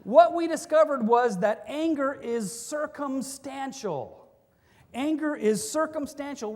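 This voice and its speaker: A pastor giving a sermon in a conversational way, mixing in humorous stories. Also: mid-range voice. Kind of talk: sermon with storytelling. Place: church. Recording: long reverb of a church hall.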